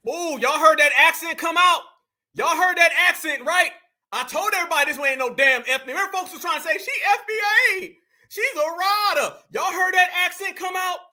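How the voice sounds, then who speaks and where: A man's voice: very high-pitched, a little fast, bright, forceful tone. A man hosting reaction commentary, talking animatedly, heckling and calling out to "y'all.". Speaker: commentary channel host.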